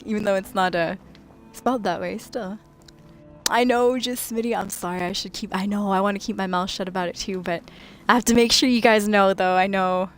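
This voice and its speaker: A woman game streamer chatting casually to her viewers, laughing often and talking straight to them. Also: medium pitch. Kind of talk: casual live-stream chat.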